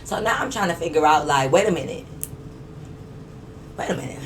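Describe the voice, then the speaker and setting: A young woman, telling a story to viewers in an animated, emphatic, profane way and laughing often. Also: low voice, fairly quick, a little hiss or hum. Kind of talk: casual storytime vlog.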